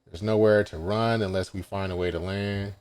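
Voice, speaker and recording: A man's voice: fairly low pitch, steady tone, normal speed, darkish tone, clean tone. A man casually recapping a manga chapter as he reacts live, hesitant and full of ums and self-corrections.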